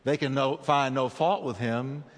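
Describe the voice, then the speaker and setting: A man preaching a sermon as pastor, with dramatic delivery that slows down for emphasis. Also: long reverb tail. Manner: dramatic preaching with big swings in pitch and slowed emphasis.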